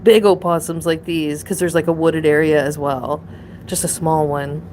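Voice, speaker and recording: Chatty woman, low voice, noisy room. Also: steady tone, moderate pace. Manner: rambling, chatty, laughs often, coos at pets. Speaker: pet vlogger. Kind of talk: casual live chat with pets. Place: home, indoors.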